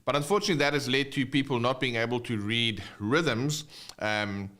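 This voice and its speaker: A man teaching guitar online, talking through rhythm reading in a relaxed, explanatory way. His voice is bright and forward, sitting at an average pitch for a man. He pauses with small fillers and restarts as he thinks.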